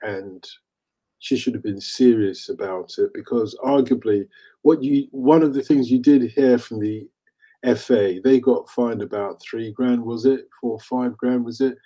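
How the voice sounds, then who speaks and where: A man in his fifties hosting a casual chat, telling animated stories and laughing easily. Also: medium pitch, measured pace. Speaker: host.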